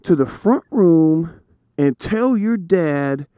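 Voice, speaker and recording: A mother scolds her son in a sharp, clipped voice, as a man puts her on in a joke. It is recorded dry and close. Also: fairly high pitch, animated, slow pace, clear, resonant tone, no echo, voice pushed up. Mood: scolding. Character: scolding suburban mom baking a cake.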